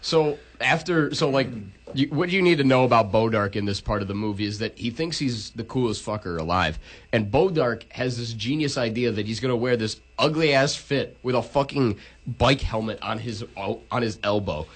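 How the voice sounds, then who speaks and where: A man's voice: medium pitch, moderate pace. A young man talks through a movie plot with his friends in a loose, rambling way. He swears freely and trips over his own words, starting phrases over and over. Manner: rambling, profane, restarts a lot. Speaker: podcast co-host. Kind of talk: casual movie recap chat.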